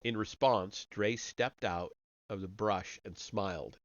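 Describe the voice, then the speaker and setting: Low-voiced man reading a story aloud. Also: takes it slowly, dry recording. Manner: reads character dialogue with only light voicing, occasional slips and restarts. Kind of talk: live-stream story reading. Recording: dull, lo-fi home mic.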